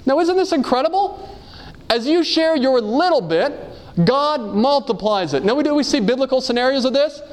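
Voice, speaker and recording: A man with an unusually high-pitched voice delivers a sermon. He talks earnestly, asks his listeners question after question, reads quotations aloud and drifts into personal stories. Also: animated, normal speed. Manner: earnest, asks the audience many rhetorical questions. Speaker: preacher.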